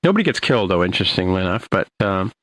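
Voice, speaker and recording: A man hosting a podcast, recapping an episode in a rambling, halting way with many restarts. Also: low-pitched, big pitch swings, a bit bright, rough recording. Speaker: podcast host.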